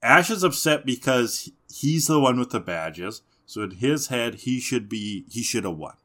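A man's voice: medium pitch, animated, a little slow, a bit bright. Chatty man recapping with laughs. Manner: laughs often, acts out characters in mocking voices. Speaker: podcast co-host. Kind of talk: casual episode recap chat.

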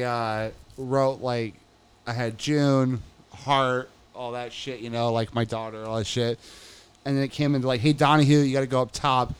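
A man's voice: mid-range voice, clear, resonant tone. A young man telling a story in casual chat, rambling and swearing, acting out what others said. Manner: profane, rambling, re-enacts quoted dialogue.

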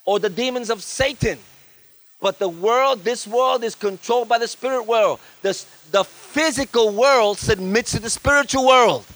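A man preaching as a guest pastor at a church service, fervent, with story-telling asides and calls for amens. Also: sits high. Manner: tells stories with lively asides. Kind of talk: sermon.

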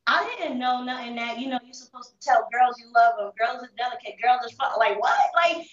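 A young woman candidly telling her hard life story in street slang, with halting restarts, holding back tears. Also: on the high side, fairly bright tone, reverberant, recorded from a distance, dull audio. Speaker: interview guest. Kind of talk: emotional personal testimony.

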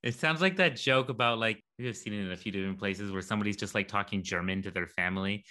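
Animated man telling stories in casual talk. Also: on the low side, fast talker. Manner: animated storyteller, acts out quoted dialogue. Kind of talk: casual conversation.

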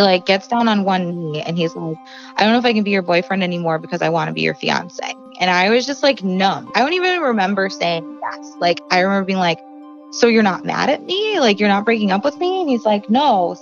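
Gravelly-voiced young woman telling her story. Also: on the low side, dull audio. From Chicago suburbs, US. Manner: conversational, frequent "like" fillers, acts out quoted dialogue. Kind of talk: personal storytelling.

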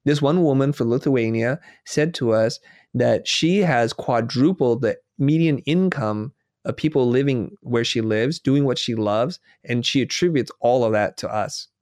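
A middle-aged man chatting as a guest, telling stories with lively acted-out dialogue. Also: medium pitch, measured pace, no room sound, clean studio sound. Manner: animated storyteller, acts out dialogue. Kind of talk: casual conversation.

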